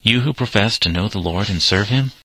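A man reading the lines of a caring Christian mother in a storybook, earnest and gently reproving, in his own low voice. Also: fairly quick, no room sound. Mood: concerned.

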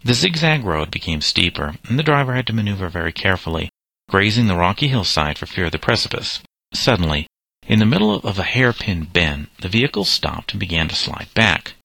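A man narrates a novel aloud at a steady, measured pace. His voice sits very low but has a bright, forceful ring. The recording is dry and close, with no room sound. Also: gravelly, dry recording.

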